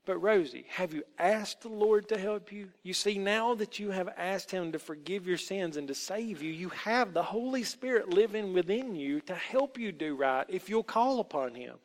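A middle-aged aunt from a storybook, quiet but firm as she gently scolds a child, read by a man. The voice sits a little high and rings out in a long hall reverb. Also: expressive, normal speed, few pauses. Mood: gently scolding. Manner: soft yet stern, lecturing gently. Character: stern but loving Christian aunt, middle-aged woman.

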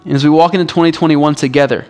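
A male pastor delivering a sermon in a relaxed, conversational way, often dropping in "like" as he speaks. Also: on the high side, racing, faint music behind. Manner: casual, conversational preaching with frequent "like".

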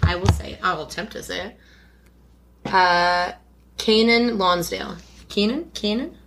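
A woman's voice: fairly low pitch, fairly even intonation, normal speed, gravelly, noisy background. A woman co-hosting a podcast in casual chat, jokey and self-deprecating. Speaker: podcast co-host.

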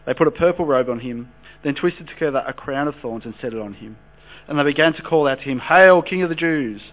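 A man giving a sermon, reading a long scripture passage steadily and then explaining it in a conversational way. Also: mid-range voice. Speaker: preacher. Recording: dull lo-fi recording with mains hum.

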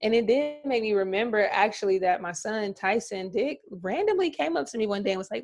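A woman's voice: on the high side, fairly quick. A young woman co-hosting a casual chat show who speaks emphatically and encouragingly and laughs often. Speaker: podcast co-host.

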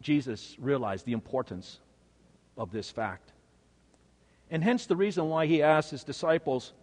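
A male preacher delivering a sermon with dramatic storytelling, swinging from hushed to emphatic. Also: fairly high pitch, a little slow, pauses often, long reverb tail.

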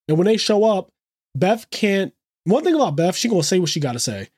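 Chatty higher-voiced man, dry sound. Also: husky, no room sound. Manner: animated retelling, quick asides, frequent swearing. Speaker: podcast co-host. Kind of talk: casual chat.

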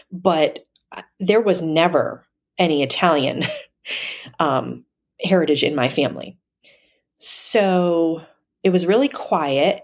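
With a low-pitched voice, a woman tells a personal story casually and hesitantly, filling it with fillers and soft laughter.

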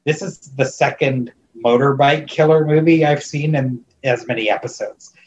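A man's voice: medium pitch, fairly even intonation, moderate pace, a little mellow, a little hiss or hum, rough recording. A man recapping a movie in casual chat, rambling with lots of fillers and restarts, amused and disbelieving. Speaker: podcast co-host recapping a movie.

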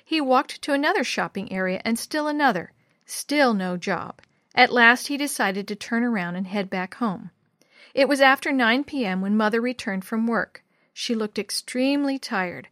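A woman narrating a storybook in a measured, expressive way. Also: fairly high pitch, no echo, clean studio sound. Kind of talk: storybook reading.

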